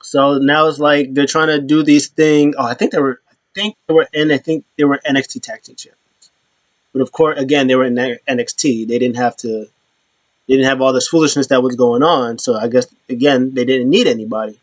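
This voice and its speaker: A man's voice: mid-range voice, fairly even intonation, fairly quick, no echo, dull audio. A man hosting his own show, giving a casual, rambling recap with many restarts. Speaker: show host.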